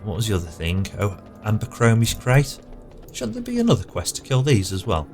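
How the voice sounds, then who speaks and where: A man's voice: on the low side, huge pitch swings, a little fast. A man casually talking through his game as he plays, muttering to himself as he goes. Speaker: player narrating his game. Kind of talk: casual gameplay commentary. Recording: music playing clearly behind.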